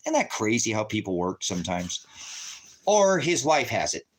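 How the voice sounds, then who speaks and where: A man venting as a storyteller tells an angry personal story in a casual rant, cursing and acting out his arguments with other people in quoted voices. He sounds agitated and profane. His voice is fairly low, with big pitch swings and a moderate pace.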